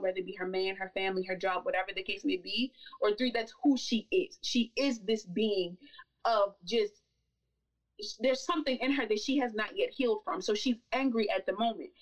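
A woman's voice: medium pitch, distant mic, poor audio. A woman guest on a podcast talking with emphatic, building passion. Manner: emphatic, building to forceful insistence. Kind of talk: impassioned conversational talk.

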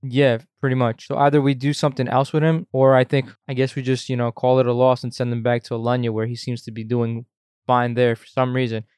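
A man's voice: medium pitch, little pitch movement, brisk, a little mellow, clean tone, no echo, studio quality. A man hosting a casual football podcast, rambling and opinionated with frequent restarts. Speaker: podcast host.

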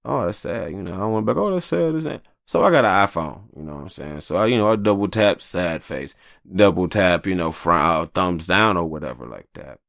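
A married man hosting his own podcast, talking casually and profanely in a rambling monologue, often jumping into exaggerated high voices. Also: fairly quick, creaky, dry recording, clean studio sound. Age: adult, married with kids. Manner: rambling, profane, animated, jumps into high-pitched quoted voices. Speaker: podcast host.

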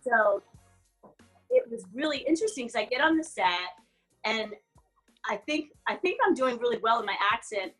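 A woman in her forties chats as an interview guest, her voice slightly husky and set a little high. She tells her stories with lively asides and frequent laughter. Faint music plays beneath the conversation. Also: moderate pace, pauses often. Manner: laughs often, animated storytelling. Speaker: guest actress. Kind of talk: casual interview chat.

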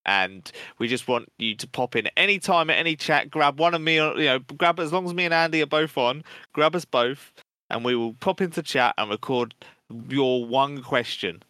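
Man, podcast co-host, bright forceful tone, excitable sweary chat. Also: a little high, normal speed, no echo. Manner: chatty, sweary, excitable storytelling. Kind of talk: casual chat.

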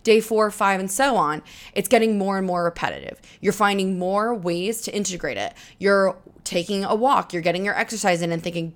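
A woman's voice: mid-range voice, expressive, a little fast. A young woman in her twenties hosting a solo podcast, talking earnestly and encouragingly, straight to the listener about changing your mindset. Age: 20s. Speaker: podcast host. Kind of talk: solo motivational podcast talk.

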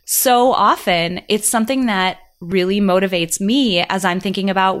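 A woman's voice: medium pitch, moderate pace, few pauses, a bit bright. A woman in her thirties hosting a podcast, talking in an upbeat, emphatic and earnest way. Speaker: podcast host. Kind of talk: casual conversation.

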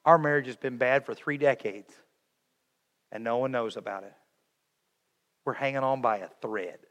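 A middle-aged man preaching a sermon, swinging between loud urging and hushed, tender lines. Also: medium pitch, normal speed, highs cut off. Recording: long hall reverb.

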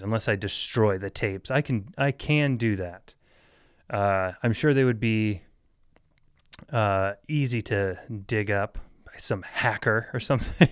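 Low-voiced man rambling on a podcast. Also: smooth, dry recording, studio quality. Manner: rambling, chuckles often, swears casually. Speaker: podcast host. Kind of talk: casual solo podcast chat.

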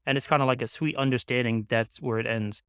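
A man in a casual film discussion, explaining his view at length in a measured, analytical way. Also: medium pitch, fairly even intonation, a bit bright, smooth, no room sound, studio quality.

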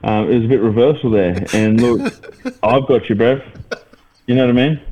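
A man co-hosting a podcast trades casual banter, rambling with lots of fillers and swearing while ribbing his mates. His voice is medium-pitched and mellow at a moderate pace, on poor audio.

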